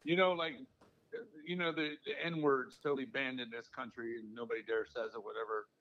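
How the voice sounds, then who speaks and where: A man as a podcast guest, chatting casually and sharing stories in a relaxed way. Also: medium pitch, brisk, muffled recording. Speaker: podcast guest, business owner. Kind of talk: casual chat.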